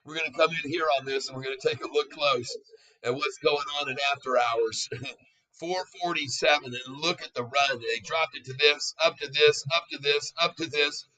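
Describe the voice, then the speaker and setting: A man hosting a casual live stock-trading stream, hyped and excitable, laughing often and calling his viewers folks. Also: a little high, normal speed, recorded from a distance, low-quality recording. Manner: talks straight to viewers as folks. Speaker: stock market livestream host.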